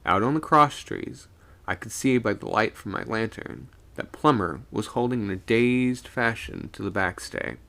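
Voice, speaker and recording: A man reading a spooky sea story aloud on a live stream, animated, with small stumbles and self-corrections. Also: fairly low pitch, normal speed, vocal fry.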